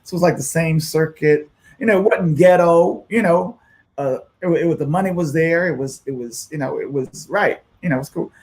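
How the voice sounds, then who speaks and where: A man's voice: a little high, fairly quick. A man guest on a radio show, telling a long story with lots of "you know" and acted-out quotes. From United States. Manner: animated, acts out quoted voices, many fillers. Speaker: musician guest.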